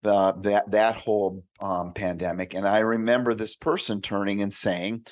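A man's voice: fairly low pitch, fairly even intonation, normal speed, hardly any pauses. A man in his late fifties, a career coach guesting on a podcast, explaining points and telling stories with frequent "right?" checks. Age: late 50s. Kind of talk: casual conversational interview.

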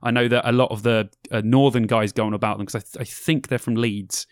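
A man's voice: medium pitch, fairly even intonation, quick pace, dry recording, clean studio sound. A young man co-hosting a podcast, chatting casually and rambling with lots of ums as he explains music styles. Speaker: podcast co-host. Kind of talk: casual chat reviewing festival bands.

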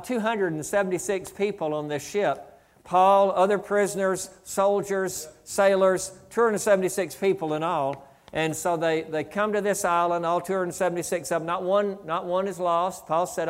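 A male pastor preaching a sermon, fervent and rising to loud exclamations of praise, with casual asides and restarts. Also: a little high.

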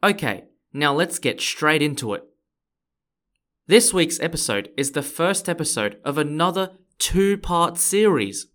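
A man's voice: fairly high pitch, very animated, a little slow, a bit bright. A man, hosting a history podcast in friendly, explanatory scripted narration. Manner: friendly, explanatory, occasionally playful. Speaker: podcast host.

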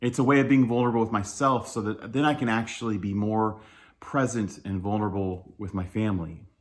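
A man's voice: on the low side, fairly even intonation, fairly quick. Candid, laughing man giving a sermon. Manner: candid, self-deprecating, laughs often, many um fillers. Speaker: pastor. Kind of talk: casual sermon talk.

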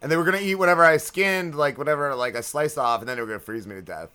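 A man's voice: on the high side, racing, bright, forceful tone, smooth. A man hosting a podcast in casual chat, telling crude, profane, rambling stories. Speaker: podcast host.

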